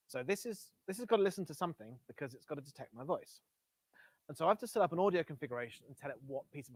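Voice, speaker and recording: This live-coding presenter has a slightly high male voice, recorded dry via a Bluetooth headset. Addressing a meetup audience, he stays casual, self-corrects along the way and drops in wry asides.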